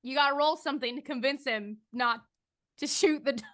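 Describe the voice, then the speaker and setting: A woman's voice: sits high, a little fast, a bit bright. A woman acting as game master, narrating a tabletop horror game with suspenseful description.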